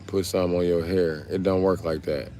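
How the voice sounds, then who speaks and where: A man's voice: sits low, fairly even intonation, fairly quick, dark tone, slight background noise. A man chatting casually on a livestream, reading comments and trading crude, joking banter with his viewers. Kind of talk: casual live stream chat. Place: South Carolina.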